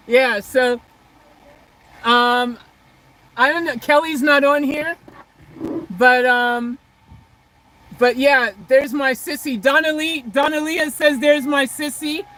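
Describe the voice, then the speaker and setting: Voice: high-pitched, a bit bright, rough recording. A vlogger chatting casually on a livestream outdoors beside a car, reading out viewer comments in a rambling, hesitant way full of restarts.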